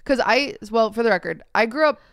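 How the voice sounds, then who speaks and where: A young woman hosting a podcast, chatting casually and reading online posts aloud in a measured, wry tone. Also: on the high side, expressive, fairly bright tone, no echo, studio quality. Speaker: podcast host.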